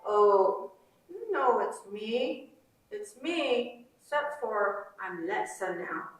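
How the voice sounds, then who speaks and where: Woman reading as a dead mom through a smart speaker, scolding, affectionate, high and slow, echoey room, distant mic. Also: expressive, soft background music. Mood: chatty. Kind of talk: reading a story aloud. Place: conference room. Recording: roomy hall from far off.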